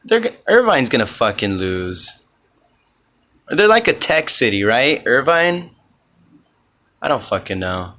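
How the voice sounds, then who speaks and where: A man's voice: mid-range voice, very animated, unhurried, long pauses, sharp tone. A man hosting a solo comedy podcast, rambling in an offhand way and swearing often.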